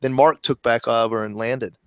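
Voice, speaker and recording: Male podcast co-host, relaxed and jokey, mid-range voice, dull muffled dry recording. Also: medium pitch, normal speed, gravelly, clear, resonant tone, dry recording. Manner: easygoing, jokey, chimes in with laughs. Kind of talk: casual chat.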